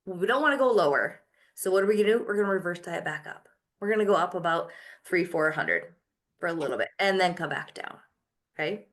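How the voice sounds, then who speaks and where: A woman's voice: lowish voice, animated, brisk, a bit bright. A middle-aged woman hosting a live online masterclass, coaching her listeners and asking and answering her own questions. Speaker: host.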